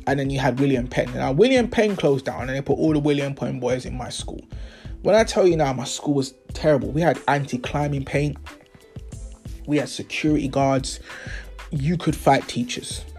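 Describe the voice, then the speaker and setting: A man's voice: medium pitch, moderate pace, a little mellow, faint music behind. A young man, hosting a podcast and telling stories in a casual, slangy, swearing way, acting out the people he talks about. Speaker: podcast host. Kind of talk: casual storytelling monologue.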